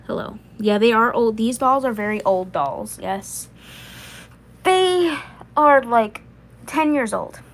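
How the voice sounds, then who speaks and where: A woman's voice: fairly high pitch, fairly bright tone, a little hiss or hum, poor audio. A woman in her twenties chatting casually on a livestream, rambling and repeating herself. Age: 20s. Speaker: vlogger.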